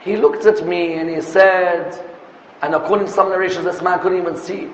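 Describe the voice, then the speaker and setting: A man preaches a passionate sermon, asking rhetorical questions and building to emphatic peaks. His voice is high, with fairly even intonation and a slightly fast pace. The recording has an echoey hall sound, muffled and lo-fi, with faint noise.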